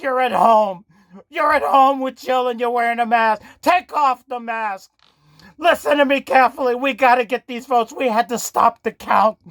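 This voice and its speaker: A man doing a comic impression of a frantic elderly woman politician who rants, shouts and stammers. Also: extremely high pitch, vocal fry, no room sound, full character voice. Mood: frantic bossy.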